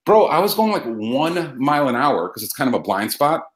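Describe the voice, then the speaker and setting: A young adult man hosts a casual radio talk show in an echoey room, cursing freely and rambling through his stories. His mid-range voice is very animated and moves at a moderate pace.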